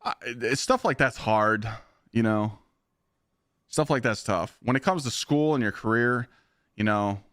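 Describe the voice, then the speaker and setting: A young man streaming games, telling stories to his chat in a blunt, profane, animated way. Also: mid-range voice, a little slow, pauses often, no room sound, clean studio sound. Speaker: game streamer. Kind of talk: casual live-stream storytelling.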